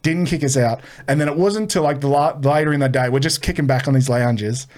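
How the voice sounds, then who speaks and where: A man's voice: mid-range voice, fairly quick, darkish tone. A man telling a rowdy story on a comedy podcast, swearing freely and dropping his voice to quote people. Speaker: comedian guest. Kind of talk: casual storytelling.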